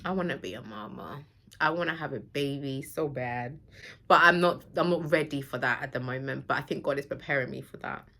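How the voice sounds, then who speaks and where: A woman's voice: extremely low pitch, brisk, sharp tone. A woman vlogger talking earnestly and intimately to her viewers, addressing them directly with heartfelt encouragement. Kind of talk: heartfelt motivational vlog talk.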